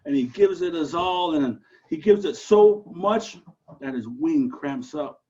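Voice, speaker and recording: Animated male storyteller, muffled call audio. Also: a little high, measured pace, slightly rough. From Alaska. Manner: animated, rises and drops dramatically. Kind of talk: telling a traditional story aloud.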